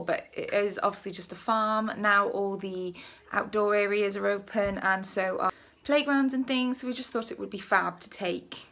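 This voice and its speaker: A woman's voice: medium pitch, gravelly, fairly bright tone. A woman vlogging to a handheld camera, chatting in a friendly, rambling way while out of breath. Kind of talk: casual vlog chat to camera.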